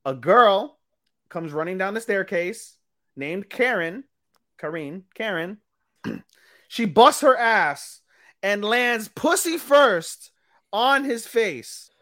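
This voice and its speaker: A podcast co-host in loose, casual chat, recapping an anime plot in a crude, profane, rambling way. The voice sits at a middling pitch, neither high nor low. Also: expressive, takes it slowly, fairly bright tone.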